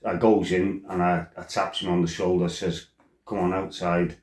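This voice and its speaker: A man's voice: deep voice, flat delivery, normal speed, a little mellow. A middle-aged man tells his own life story in a blunt, salty way, swearing freely and wandering into asides. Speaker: former fighter telling his life story. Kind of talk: casual storytelling monologue. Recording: roomy echo.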